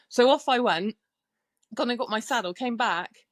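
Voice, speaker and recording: A woman guesting on a podcast, telling animated stories, swearing casually and acting out what people said. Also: fairly high pitch, fast, no echo. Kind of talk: casual storytelling chat. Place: podcast studio.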